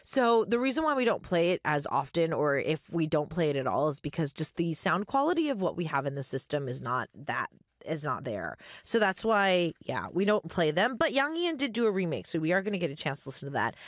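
A chatty woman hosting a radio show, her pitch swinging up and down as she talks. The sound is close and dry, with no room around her. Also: brisk, dry recording. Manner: chatty, many fillers, animated pitch. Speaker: radio host. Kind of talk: casual radio talk and story reading.

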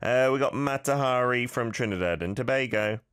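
A male radio host giving listeners patient, explanatory pronunciation tips in a relaxed on-air manner. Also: medium pitch, fairly quick, clear, resonant tone, no room sound, clean studio sound. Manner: patient, explanatory, gently corrective.

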